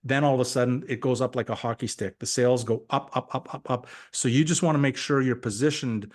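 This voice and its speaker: A man giving an energetic, motivational sales talk on a team call. He often repeats himself and acts out quoted conversations. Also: mid-range voice, fast talker. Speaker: guest speaker on a team call. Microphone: call audio.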